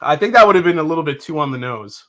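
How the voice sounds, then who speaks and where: A man's voice: a little high, expressive, very fast. A middle-aged man co-hosting a casual bourbon tasting, chatty and prone to restarts as he tells a story. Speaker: podcast co-host.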